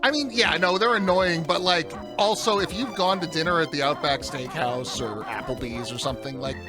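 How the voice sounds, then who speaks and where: A man's voice: a little high, normal speed. A man hosting a game playthrough, chatting casually and swearing freely while he plays. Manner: animated, swears freely, rambling. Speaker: let's play host. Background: game music.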